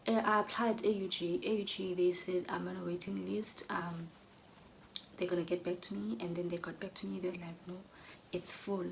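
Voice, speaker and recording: Young woman telling her story, earnest, goes soft and whispery, bit of fry in the voice. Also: lowish voice, flat delivery, moderate pace, a little hiss or hum, rough recording. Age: young adult. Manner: earnest, drops to soft whispers when emotional. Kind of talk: personal storytelling vlog.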